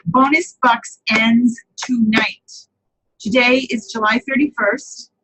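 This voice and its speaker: A woman's voice: on the high side, fairly even intonation, slow pace, bright, forceful tone, slightly rough, poor audio. A woman hosting a live papercrafting chat, talking casually, answering viewers by name and often correcting herself as she goes.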